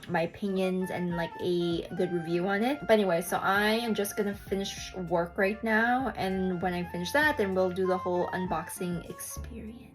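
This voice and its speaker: Chatty young woman reviewing a gadget. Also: lowish voice. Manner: chatty, filler-heavy, talks to her pets. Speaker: beauty vlogger. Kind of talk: casual product review vlog. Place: her home.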